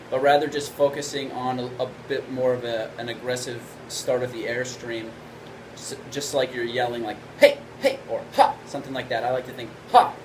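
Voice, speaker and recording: A man's voice: medium pitch, noisy background. Man teaching trumpet over a humming room. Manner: relaxed explaining, frequent "right?" checks. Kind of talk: instructional video lesson.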